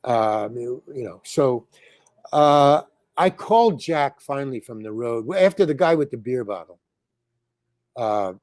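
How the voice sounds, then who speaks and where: A man's voice: medium pitch, lively intonation, a little slow, a little mellow, no room sound, clean studio sound. An older man, a comedian and actor, telling rambling stories with many restarts and acting out the lines he quotes. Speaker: comedian and actor, interview guest. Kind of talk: rambling storytelling in conversation.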